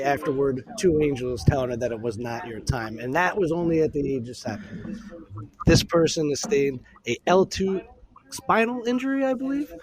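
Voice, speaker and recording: A man's voice: mid-range voice, poor audio. A man hosting a casual podcast, introducing guests with an easygoing joking manner. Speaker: co-host.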